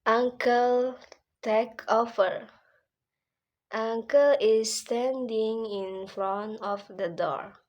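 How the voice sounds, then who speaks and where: A young woman with an Indonesian accent reading her parts of a story in English for a class assignment, hesitant and halting. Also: fairly high pitch, fairly even intonation, lo-fi sound. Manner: hesitant reading, slips into casual asides.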